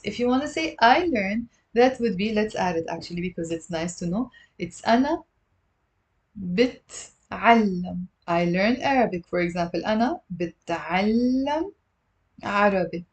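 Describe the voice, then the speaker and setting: A woman teaching a live-streamed language lesson, patiently repeating words slowly for her learners. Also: medium pitch, darkish tone. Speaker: Lebanese Arabic teacher. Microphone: livestream camera mic.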